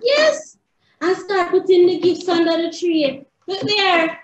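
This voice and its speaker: A woman teaching young children in a sing-song, excitable way, recorded indoors. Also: extremely high pitch, takes it slowly, a little hiss or hum. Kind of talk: animated lesson for young children. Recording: roomy, slightly dull home video.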